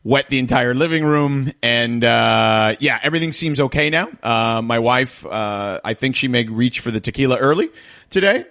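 A man in his thirties hosting a sports call-in radio show, his delivery animated and peppered with "uh" fillers. He reads promos and phone numbers at a brisk clip, then slows into loose, conversational storytelling. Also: mid-range voice.

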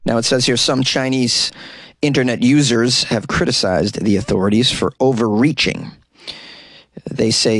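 A man with a Boston accent hosts a comedy news podcast, reading odd stories with wry, joking asides. His voice sits at an ordinary male pitch. He records in a small closet, so the sound is close and completely dry. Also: fairly even intonation, moderate pace, a bit bright, dry recording. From Boston, USA. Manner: joking, wry asides, laughs at own jokes.

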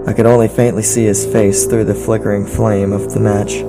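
A man narrates a first-person horror tale in a low, gravelly voice. His telling is measured, with occasional stumbles, and music plays underneath. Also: level tone.

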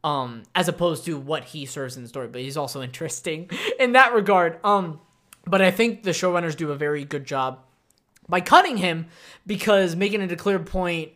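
Here a male podcast co-host rambles through a casual anime conversation, stopping to restart and leaning on fillers. The voice sits a little high, with a normal speed and a slightly bright quality.

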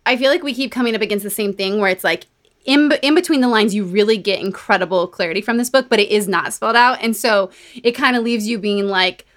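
A woman podcast host in casual chat, telling stories in a chatty, animated way. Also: mid-range voice, fast talker. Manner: chatty, animated storytelling with laughs and quoted voices. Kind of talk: casual chat recapping a book.

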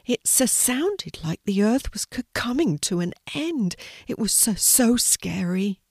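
A woman's voice: medium pitch, animated, takes it slowly, darkish tone, dry recording, studio quality. A woman voicing a timid male sea turtle who stammers and trembles with fear. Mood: frightened.

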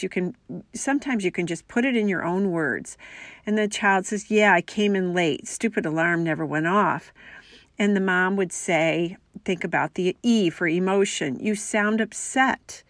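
A woman hosting a radio talk show, calmly coaching listeners on how to talk with loved ones. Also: fairly low pitch, normal speed, no echo. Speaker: radio show host and family communication coach.

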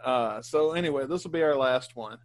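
A man's voice: medium pitch, a little fast, no echo. A man hosting a podcast, reading posts aloud in an easygoing way and chuckling as he goes. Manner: easygoing, laughs while reading. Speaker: podcast host.

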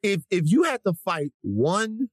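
A man's voice: sits high, unhurried, no echo. A male podcast co-host telling a story with energy and profanity, acting out the people in it. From Africa. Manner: lively, profane, mimics people in his stories. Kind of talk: animated storytelling chat.

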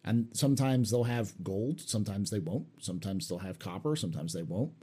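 A man's voice: fairly low pitch, lively intonation, brisk, warm tone, husky. A man hosting a casual panel chat, rambling a little as he reads out viewer questions. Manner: rambling, with many restarts and fillers. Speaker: show host reading viewer questions.

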